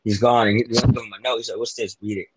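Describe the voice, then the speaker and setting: A man's voice: fairly low pitch, little pitch movement, very fast, breathy edge, rough recording. A man in casual chat, rambling through his guesses with slang and self-corrections, acting out the lines he imagines. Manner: loose slangy speech. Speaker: fan discussing a TV show. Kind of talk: casual chat, predicting plot.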